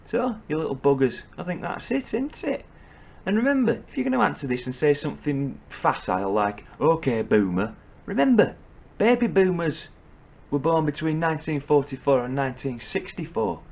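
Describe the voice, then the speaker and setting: A man's voice: on the high side, sing-song, normal speed, vocal fry, darkish tone, highs cut off. A middle-aged man with a Northern English accent, giving a blunt, sardonic comic advice monologue in a lecturing tone. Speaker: comedian.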